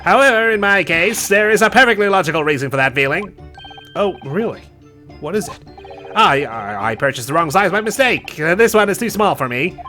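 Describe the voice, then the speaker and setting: A man's voice: high-pitched, expressive, a little fast, sharp tone, faint music behind. A man doing a stammering, overexcited professor. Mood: lecturing. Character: excitable eccentric male scientist, older, stammering.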